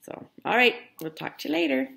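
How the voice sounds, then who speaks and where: A woman reading a children's picture book aloud in an expressive, unhurried storytelling manner. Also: fairly high pitch, creaky, slight background noise. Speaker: storybook reader.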